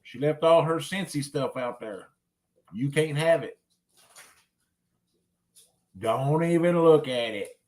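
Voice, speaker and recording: A laid-back vlogger at home, filming on a handheld phone. The delivery is slow and drawn out, sliding into a sing-song coo for the baby and a firm call for the dogs. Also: medium pitch, lively intonation, darkish tone. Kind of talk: casual home vlog chatter. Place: home, kitchen and living room.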